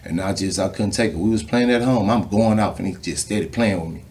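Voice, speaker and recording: Animated, slangy man telling stories. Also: low-pitched, brisk, a little hiss or hum. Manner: animated, slangy, swears freely. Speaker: guest, former pro football player. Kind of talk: casual storytelling interview.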